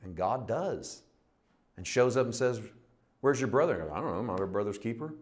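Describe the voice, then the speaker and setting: A man teaching a Bible study sermon in a conversational, folksy way, asking rhetorical questions and swinging between loud emphatic bursts and quiet low asides. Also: animated, fairly quick.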